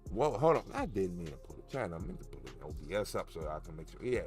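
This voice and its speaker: Male livestream host, lively pitch, loose and jokey rambling delivery. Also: fast talker, music in the background. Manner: animated, rambling and jokey, with many restarts. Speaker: cannabis grow livestream host. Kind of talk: casual livestream chat.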